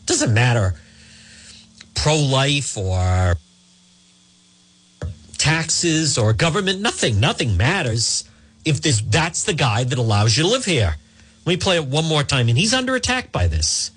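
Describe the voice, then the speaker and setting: A man in an opinionated talk radio monologue speaks unhurriedly and pauses often, his fairly high, bright voice very animated with a breathy edge. He argues combatively, circling back to points and throwing out rhetorical questions.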